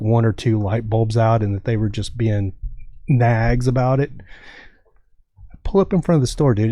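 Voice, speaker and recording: Guesting on a podcast, a man from Texas rambles through a casual story, dropping "dude" again and again. He has a warm, medium-pitched voice captured in a clean, dry studio recording.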